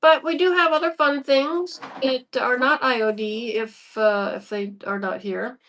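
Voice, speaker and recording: A woman's voice: on the high side, steady tone, a little slow, a bit bright. A woman co-hosting a live-stream craft sale, joking and chatting casually with the host. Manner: joking, conversational banter. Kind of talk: live-stream selling chat.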